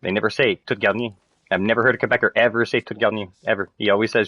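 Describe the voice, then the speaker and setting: A man ranting casually to viewers, rambling, swearing and turning loud and emphatic. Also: fairly low pitch, fairly even intonation, quick pace, no room sound, poor audio. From Canada. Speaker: streamer.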